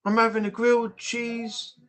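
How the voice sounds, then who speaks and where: A man's voice: very high voice, little pitch movement, measured pace, a bit bright. A man from the United Kingdom hosting a casual livestream chat, rambling and blunt. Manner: rambling, chatty, blunt, with frequent restarts. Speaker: livestream host. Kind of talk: casual live chat reading comments.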